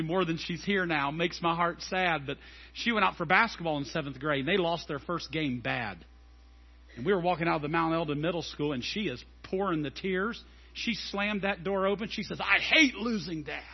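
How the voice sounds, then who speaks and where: A middle-aged man preaching a sermon as a pastor, animated and telling stories. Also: a little high, highs cut off. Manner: animated and storytelling, acting out scenes.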